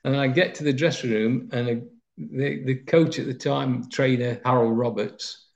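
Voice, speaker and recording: Speaking at normal speed in a medium-pitched, steady voice with vocal fry, this Nottinghamshire man looks back on his football career. The interview is rambling and anecdotal, packed with fillers, and the audio is slightly dull lo-fi.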